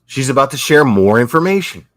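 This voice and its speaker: A man on his own stream, profanely ranting and calling out other creators, slow and emphatic. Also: mid-range voice, sing-song, fairly bright tone, no echo, studio quality. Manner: profane, repetitive, confrontational. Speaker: YouTube creator. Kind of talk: angry livestream rant.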